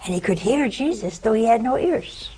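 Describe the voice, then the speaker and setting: An older religious sister giving a sermon, telling a story with animated voices and sudden drops to a whisper. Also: female voice, fairly high pitch, moderate pace, poor audio. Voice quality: gravelly, husky.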